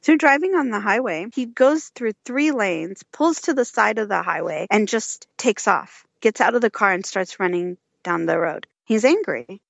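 A woman's voice: medium pitch, animated, normal speed, gravelly, hardly any pauses, dry recording, dull audio. A woman in her thirties, the guest, telling a candid personal story in an interview.

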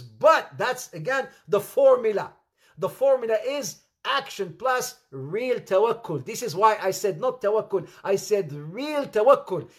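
Preacher, male, higher voice, sermon that swings from loud and quick to low and quiet. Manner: repeats questions to the audience, animated rises and drops.

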